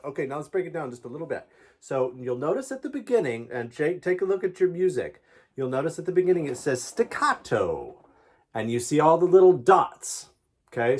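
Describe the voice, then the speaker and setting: A man teaching a violin lesson, patiently explaining step by step with encouraging asides. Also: mid-range voice. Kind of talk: music lesson.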